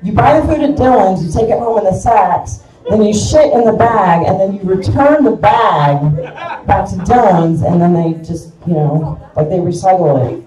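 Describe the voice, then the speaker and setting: A woman's voice: mid-range voice, animated, normal speed, mellow, distant mic. A middle-aged woman with a Kansas accent doing a crude, self-mocking live stand-up set in a small bar. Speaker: stand-up comedian. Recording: echoey room picked up from afar.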